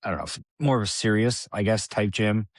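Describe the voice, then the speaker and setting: A man co-hosting a podcast, talking in a relaxed, rambling way with many fillers. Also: lowish voice, a little fast, dry recording, studio quality. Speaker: podcast co-host. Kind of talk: casual chat.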